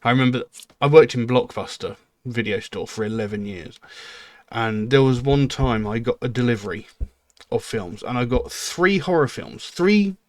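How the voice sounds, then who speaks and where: A man's voice: medium pitch, lively intonation, normal speed, no room sound. Rambling middle-aged man. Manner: rambling and candid, with frequent um and you know. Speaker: music reaction channel host. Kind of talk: casual reaction commentary.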